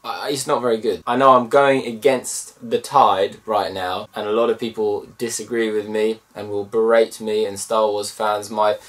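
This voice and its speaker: A man giving a casual film review, animated and mimicking voices in bursts. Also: on the low side, moderate pace, hardly any pauses, far from the mic.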